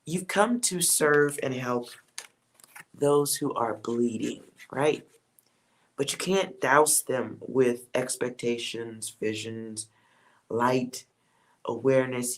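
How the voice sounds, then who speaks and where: Man, tarot reader, casual spoken reading, blunt, profane, preachy, middle pitch. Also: a bit bright.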